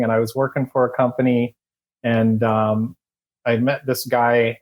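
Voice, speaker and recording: A man guesting on a podcast, telling his story in a rambling, relaxed and chatty way. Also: mid-range voice. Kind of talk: casual storytelling interview.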